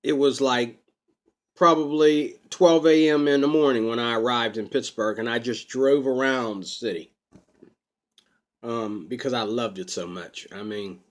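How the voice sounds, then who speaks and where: A man talking to camera in a rambling personal vlog, unscripted and full of drawn-out ums. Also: medium pitch, fairly even intonation. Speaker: vlogger. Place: Pittsburgh.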